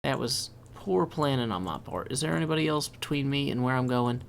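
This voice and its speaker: A man's voice: medium pitch, lively intonation, a little fast, creaky. Chatty man narrating his gameplay. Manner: chatty, upbeat, thinking aloud as he plays. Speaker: let's play host. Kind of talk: casual gameplay commentary.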